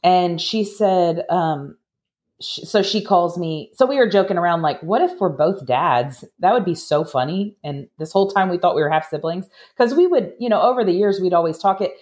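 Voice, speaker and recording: A woman guest telling a personal story in a chatty way, with many restarts, acting out what people said in a higher voice. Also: moderate pace. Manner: animated, acts out quoted voices in a higher pitch. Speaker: podcast guest.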